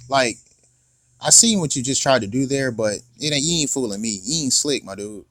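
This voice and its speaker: A man's voice: medium pitch, expressive, normal speed, a bit bright, no room sound. A man hosting a reaction video, arguing his point in slangy, repetitive questions. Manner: argumentative, repeats questions, slangy. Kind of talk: casual reaction commentary.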